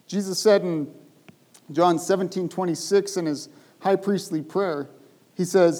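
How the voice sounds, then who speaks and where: Animated preaching man, mellow tone. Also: high voice, a little slow, low-quality recording. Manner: animated preaching, rising to loud emphatic bursts. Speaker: pastor. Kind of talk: sermon.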